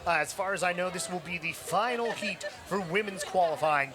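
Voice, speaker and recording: A man doing live race commentary outdoors, reading lineups and calling the action brisk. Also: sits high, music in the background. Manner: reads team lineups, brisk play-by-play. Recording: outdoor crowd noise.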